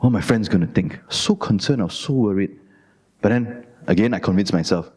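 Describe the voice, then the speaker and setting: A middle-aged man with a Malaysian English accent tells a Dhamma story in a low voice. His delivery is lively and self-mocking, swinging widely in pitch. A long reverb from the hall trails his words. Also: a little slow, breathy edge. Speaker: Dhamma speaker. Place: Buddhist society hall.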